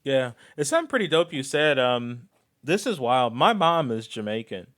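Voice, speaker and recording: A man co-hosting a podcast in casual chat, telling lively stories and sometimes slipping into patois-style phrasing. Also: mid-range voice, moderate pace. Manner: animated storyteller, slips into patois phrasing. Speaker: podcast co-host, designer.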